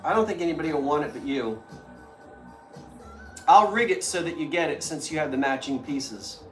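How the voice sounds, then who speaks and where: A woman's voice: low voice, moderate pace, recorded from a distance. Chatty woman hosting a live stream. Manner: chatty, animated storytelling. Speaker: live-stream host selling antiques. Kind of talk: casual chat. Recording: echoey room with faint music.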